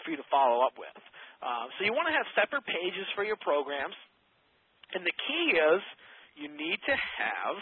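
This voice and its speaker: A man's voice: a little high, breathy edge, dry recording. A man giving a casual teleseminar presentation as a marketing consultant, full of fillers and frequent "okay?" check-ins. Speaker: marketing consultant for martial arts school owners. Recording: tinny phone line.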